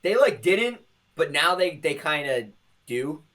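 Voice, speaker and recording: A man's voice: on the high side, big pitch swings, measured pace, over a noisy crowd. A young man co-hosting a podcast, chatting casually in a rambling, opinionated way and swearing often. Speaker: podcast co-host. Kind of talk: casual chat.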